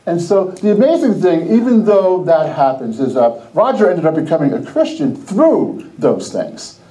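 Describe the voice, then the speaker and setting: A middle-aged man from New Jersey tells personal stories on a Christian podcast in a rather high, soft, mellow voice. He laughs often and acts out what people said, keeping the talk lively and casual. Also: moderate pace, rough recording. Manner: animated, laughing, acts out quoted dialogue. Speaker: podcast host.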